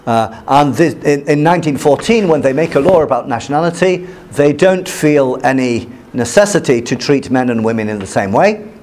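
Halting, wry British man lecturing. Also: medium pitch, expressive, a little mellow. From Britain. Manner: wry, digressive, halting with frequent restarts. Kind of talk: classroom lecture.

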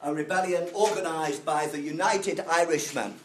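In a classroom history lecture, a male teacher with a somewhat high voice explains things simply for learners. His delivery is halting, packed with filler sounds and restarts. The audio is poor, with slight background noise.

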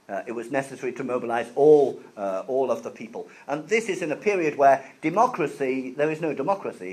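On a low-quality recording, a male teacher with a slightly high voice gives a history lecture in class. He keeps things simple for learners, but he halts often, using many fillers and restarting sentences.

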